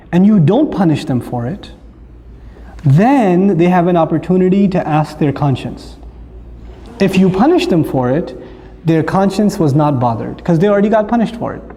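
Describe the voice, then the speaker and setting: Mellow-voiced man speaking in an echoing hall. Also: sits high. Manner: animated, acts out family scenes. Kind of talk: humorous talk on parenting. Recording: long hall reverb.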